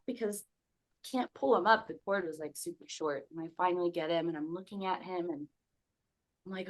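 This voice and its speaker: Candid, animated woman with a lowish voice. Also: normal speed. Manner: candid, animated, swears freely; acts out her own past remarks in quotes. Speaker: podcast guest. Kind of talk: casual personal storytelling.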